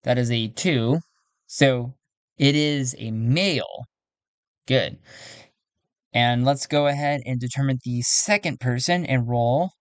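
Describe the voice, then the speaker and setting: A man's voice: mid-range voice, takes it slowly, long pauses, smooth, no room sound. Chatty man playing a solo tabletop game. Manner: chatty, laughs often, thinks aloud.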